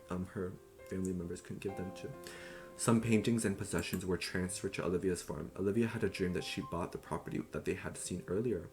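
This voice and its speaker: A young man with a very low voice talks through a book summary in a loose, chatty way, correcting himself and filling pauses as he goes. Guitar music plays clearly behind him. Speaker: book reviewer.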